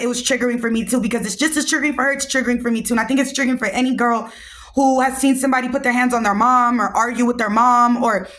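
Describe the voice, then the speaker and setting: A young woman hosting a podcast, telling a story in a casual, animated and slangy way and talking straight to her listeners. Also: high voice. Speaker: podcast host.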